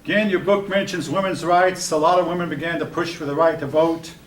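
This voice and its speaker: A man's voice: on the high side, fairly even intonation, brisk, a little hiss or hum. An older man teaching a history class, lecturing plainly with blunt, opinionated asides to his students. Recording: roomy classroom recorded from a distance.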